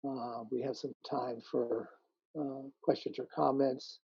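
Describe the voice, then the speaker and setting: A man giving a calm, measured dharma talk as a meditation teacher over a video call. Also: mid-range voice, gravelly, slightly rough, no echo. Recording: muffled video call audio.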